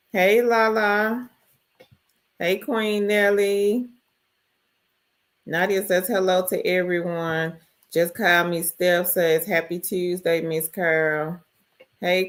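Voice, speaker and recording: Slow, low-voiced woman hosting a livestream. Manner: greets viewers by name and reads chat aloud. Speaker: livestream host. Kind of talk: casual live stream chat.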